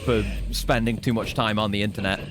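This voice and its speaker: A man's voice: lowish voice, fairly even intonation, a little fast. A British man chatting and joking loosely as he streams himself playing a game. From Britain. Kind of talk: live-stream commentary while gaming. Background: game music.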